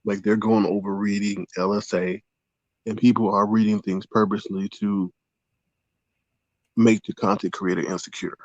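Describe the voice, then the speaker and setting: Low-voiced man on dull, dry lo-fi audio. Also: flat delivery, no echo. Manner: measured, lays out his points one by one. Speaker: guest from the chat. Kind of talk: casual live-stream chat.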